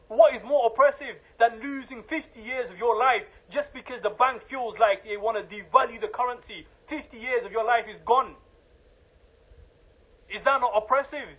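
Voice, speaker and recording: A man delivering a fervent religious talk in a notably high voice. He hammers his points with repetition and builds into heated, emphatic bursts. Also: moderate pace, a bit bright, poor audio. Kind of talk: impassioned religious lecture.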